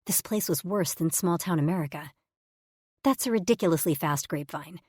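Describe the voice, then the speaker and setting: A woman's voice: lowish voice, a little fast, darkish tone, husky, no room sound. A woman narrating a romance audiobook in the first person, in a dry, exasperated tone.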